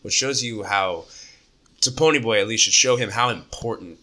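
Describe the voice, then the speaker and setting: A man with a lower voice and a very bright, forward tone, chatting casually about a book. He retells scenes with energy, jumps into the characters' lines, and laughs and swears as he goes. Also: normal speed.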